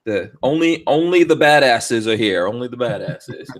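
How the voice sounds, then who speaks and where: A man hosting a live podcast, talking in a jokey, lively way and laughing often. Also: on the high side, measured pace. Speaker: podcast host. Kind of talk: casual live-stream podcast chat.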